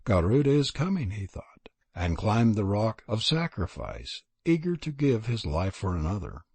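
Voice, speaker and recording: A man giving scripted audiobook narration in a measured storytelling manner, with a husky voice. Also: fairly low pitch, sing-song, no room sound.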